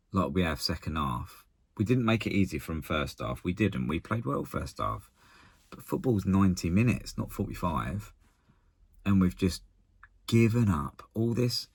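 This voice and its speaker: A deep, husky man delivers a casual post-match rant straight to camera. He sounds exasperated and blunt, stumbling and restarting his sentences. The recording is close and dry. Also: no echo. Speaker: football fan channel contributor.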